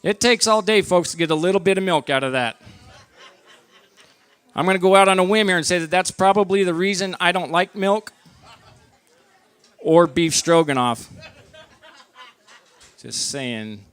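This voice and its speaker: Bright-voiced man doing stand-up. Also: high-pitched, moderate pace, long pauses, clean tone, no echo. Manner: deadpan storytelling, acting out his own quotes. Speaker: stand-up comedian. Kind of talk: stand-up comedy set. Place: comedy night at a barbecue lounge.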